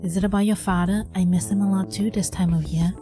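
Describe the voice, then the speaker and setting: A woman's voice: mid-range voice, fairly even intonation, quick pace, mellow, faint music behind, lightly acted. A woman voicing a strict middle-aged mother in a story game, reading her lines in a lecturing, nagging way. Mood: stern.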